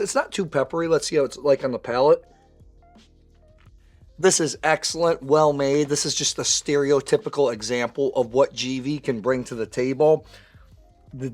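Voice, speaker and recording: A man with a weakened voice from recent voice loss, presenting a wine tasting in an enthusiastic, conversational way. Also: fairly high pitch. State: weak voice from lost voice. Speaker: wine educator.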